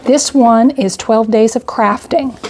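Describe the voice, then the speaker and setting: Taking it slowly, an older homestead vlogger with a fairly high, somewhat mellow voice goes item by item through her groceries. She's chatty and a little out of breath, frequently saying "I got" and "went ahead," over a faint hiss or hum.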